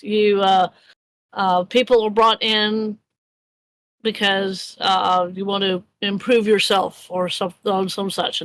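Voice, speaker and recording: A woman's voice: mid-range voice, a bit bright, no room sound, rough recording. A woman narrating a tabletop game as game master, rambling with many fillers and restarts.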